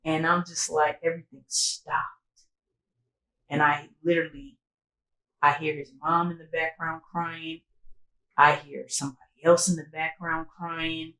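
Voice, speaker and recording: A woman co-hosting a casual podcast recounts a personal story with animated, loose delivery, acting out others' dialogue and leaning heavily on "like" and "I was like." The tale becomes sobering and emotional. Her voice is low-pitched and a little slow, and the poor audio sounds echoey.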